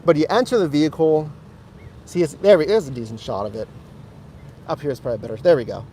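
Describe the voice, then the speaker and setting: A rideshare driver streams live from his car, filming on a handheld phone as he eagerly shows viewers around the vehicle and chats with them. His voice is fairly high, quick, and dark-toned, with a little hiss or hum in the recording.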